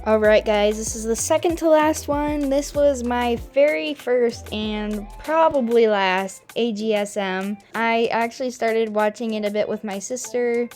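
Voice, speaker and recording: A woman's voice: fairly high pitch, a little slow, hardly any pauses, darkish tone, soft background music. A young woman talking casually as she reacts to her own old videos, laughing at herself and saying "like" a lot. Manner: giggly and self-mocking, heavy use of "like".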